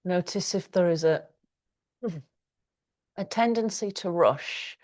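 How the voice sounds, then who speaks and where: A middle-aged woman teaching a yoga class, giving slow, calm breathing cues with long pauses. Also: fairly low pitch. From United Kingdom. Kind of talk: guided yoga class instruction.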